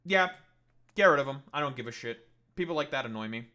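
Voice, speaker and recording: A man's voice: medium pitch, animated, brisk, bright, forceful tone. A man streaming live, ranting in a profane, combative and dismissive way, rambling with many fillers. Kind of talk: casual livestream rant.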